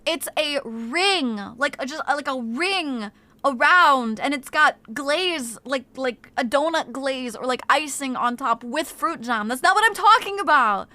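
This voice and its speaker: A woman streamer chatting on a live stream. Her voice is high and bright, and it swings widely in pitch as she gets excited. She swears freely, reads out her chat, and sounds close to the mic in a dry space. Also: a little slow, no room sound. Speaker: game streamer.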